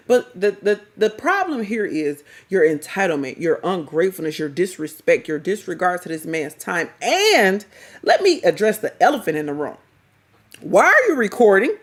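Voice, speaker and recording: Blunt, animated woman ranting in slang. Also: medium pitch. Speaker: commentary vlogger. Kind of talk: casual reaction commentary.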